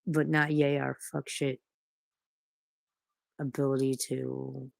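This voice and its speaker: A woman's voice: rumbling low, flat delivery, slow, vocal fry, rough recording. A woman vlogger in casual, rambling chat who swears freely and coos at her pets in baby talk.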